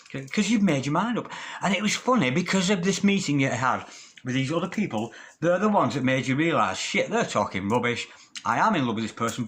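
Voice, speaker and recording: A man's voice: mid-range voice, fairly bright tone. A man giving a tarot reading to camera, speaking intimately and calling the listener darling. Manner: intimate, calls the listener darling, dramatic asides. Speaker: tarot reader.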